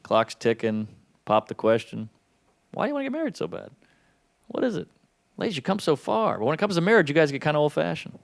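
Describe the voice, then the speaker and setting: Wry deadpan stand-up comedian. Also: male voice, on the high side, fast talker, vocal fry. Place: comedy venue with live audience.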